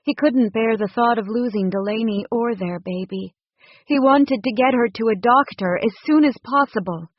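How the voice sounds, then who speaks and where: A woman giving a measured, gently expressive scripted narration of a romance audiobook. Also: fairly high pitch, no room sound, highs cut off.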